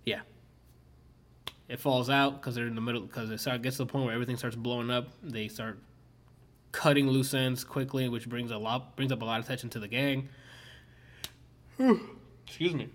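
A man's voice: medium pitch, fairly even intonation, moderate pace, long pauses, a bit bright. Rambling, swearing young streamer man. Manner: rambling, swears a lot, many fillers. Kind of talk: casual chat.

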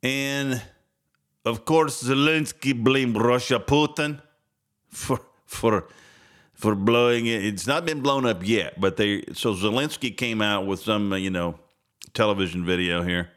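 A man's voice: fairly low pitch, unhurried, a bit bright, clean tone. A man hosting his own podcast, rambling through casual political commentary with a sarcastic, self-interrupting manner. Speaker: podcast host.

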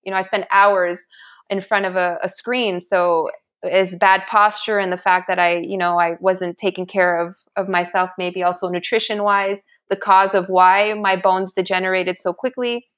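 A woman's voice: mid-range voice, flat delivery, moderate pace, fairly bright tone. A middle-aged woman, a guest in an interview, telling a story animatedly and often restarting her sentences. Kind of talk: casual interview talk.

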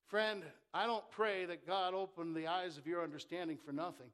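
A man preaching a sermon as pastor, swinging from impassioned shouts to near-whispers and calling on the congregation to answer. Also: high voice, steady tone, normal speed, clean tone. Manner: impassioned preaching that drops to a hush; calls for congregation responses. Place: church.

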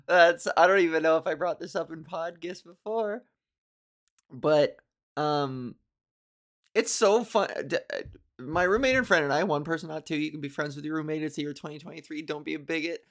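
A woman's voice: sits low, normal speed. A young woman hosting a solo podcast, chatting casually in a rambling, profane, self-mocking way and laughing often. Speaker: podcast host.

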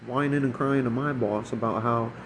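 A man in a casual, profanity-laced rant about a bad night at work. His voice sits at an ordinary middle pitch, and he slips into mocking voices when quoting people. A faint air conditioner hums in the room behind him. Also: steady tone, moderate pace, fairly bright tone, slight background noise, rough recording. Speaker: restaurant shift manager.

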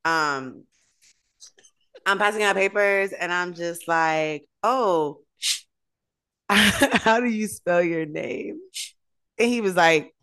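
A woman with a smooth, clear voice chats as a podcast co-host. She tells stories with energy and laughs easily. Her pitch sits in the middle. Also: slow pace, long pauses. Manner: lively storytelling, laughs often. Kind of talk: casual chat.

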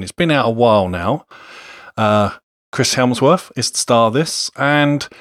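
A man's voice: lowish voice, no echo, studio quality. A man with a London accent co-hosting a podcast, chatting casually, laughing often and explaining things at length. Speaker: podcast co-host. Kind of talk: casual chat.

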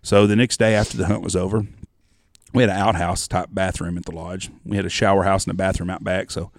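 A man's voice: deep voice, fairly even intonation, fast, no room sound, studio quality. A man in his forties, co-hosting a casual chat and telling rambling, profane stories. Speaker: podcast co-host.

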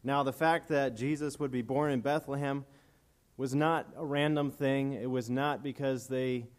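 A man's voice: medium pitch, steady tone, moderate pace. A man preaching a casual, earnest and emotional sermon, reading scripture aloud and commenting between passages.

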